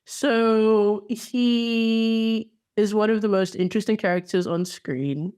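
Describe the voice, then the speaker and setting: A woman's voice: medium pitch, fairly even intonation, slow pace, a little mellow, clear, resonant tone. Woman cohosting a pod, playful and chatty, kinda slangy, lots of ums. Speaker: podcast co-host. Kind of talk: casual chat.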